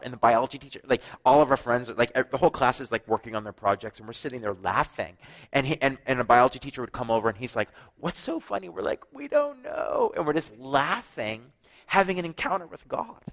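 Guy preaching, tells his story w/ acted dialogue, gets real quiet sometimes, mid voice. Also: mid-range voice, rough recording. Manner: animated storytelling, acting out dialogue, often drops to a hushed voice. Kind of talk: sermon with personal testimony.

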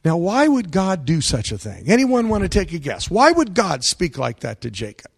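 A man preaching a sermon, his voice sitting a little high and moving with lively swings of pitch. He builds to loud, emphatic peaks and keeps asking his congregation questions. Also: normal speed, vocal fry, breathy edge. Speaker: pastor.

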